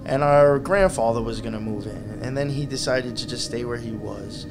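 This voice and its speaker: A man's voice: mid-range voice, normal speed, over music. A man hosting a podcast, chatting casually and telling a story with lots of swearing. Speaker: podcast host. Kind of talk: casual chat.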